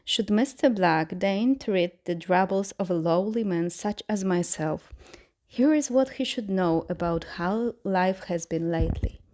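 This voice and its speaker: A woman's voice: mid-range voice, measured pace, darkish tone, close to an everyday voice. A woman voicing a sarcastic young man in a fan-fiction reading, reading his wry letter in a dry, mock-formal way.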